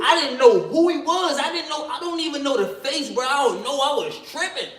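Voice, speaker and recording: A man telling a story in a casual, animated, slangy way, laughing often. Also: extremely high pitch, a little fast, hardly any pauses.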